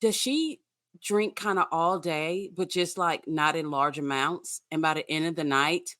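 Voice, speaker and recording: Guest, woman, blunt emphatic chatter, bright dry voice. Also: sits low, a little slow, dry recording. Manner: blunt, emphatic reactions with swearing. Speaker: podcast guest. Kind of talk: casual chat.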